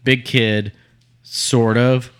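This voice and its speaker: A man co-hosting a casual podcast, recapping a story in a relaxed, conversational way. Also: mid-range voice, drawn-out words, clear, resonant tone. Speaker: podcast co-host.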